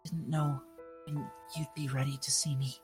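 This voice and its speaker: A man voicing a small, frightened female apparition who speaks in a small, soft voice. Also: medium pitch, level tone, normal speed, music in the background, natural voice. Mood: timid.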